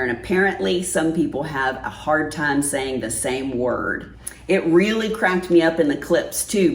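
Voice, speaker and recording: A woman hosting a casual video, chatting and laughing at her own stumbles over a word. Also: low voice. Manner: amused, laughing at herself. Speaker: host. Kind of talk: casual chat. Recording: roomy echo.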